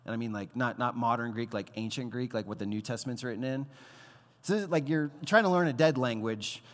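A man in his thirties preaching a sermon as pastor, conversational and animated, acting out the voices he quotes. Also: mid-range voice, brisk. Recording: long hall reverb.

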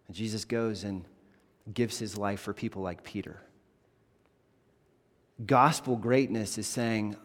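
A man's voice: fairly low pitch, fairly even intonation, slow pace, pauses often. A man in his thirties, a pastor preaching a sermon in an earnest, conversational way, acting out quoted asides. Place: church sanctuary. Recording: reverberant church hall.

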